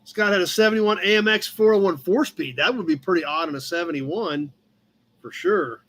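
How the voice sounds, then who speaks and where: A man with a fairly high voice hosts a relaxed live chat from his shop office. He rambles through old car magazine pages in an easygoing way and breaks off now and then to talk to his cat. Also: normal speed. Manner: rambling, chatty, talks to his cat between comments. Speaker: livestream host.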